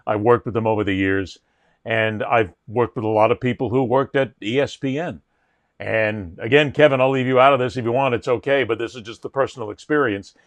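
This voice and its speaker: A man's voice: mid-range voice, fairly quick, no echo. A man hosting a sports podcast, talking in an opinionated, mocking way. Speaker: host.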